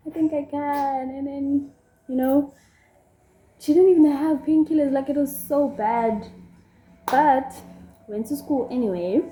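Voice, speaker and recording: Slow, chatty South African young woman. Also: sits high, dark tone. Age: young adult. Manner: chatty and rambling, with many fillers. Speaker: vlogger. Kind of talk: casual storytelling while doing makeup. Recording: echoey room.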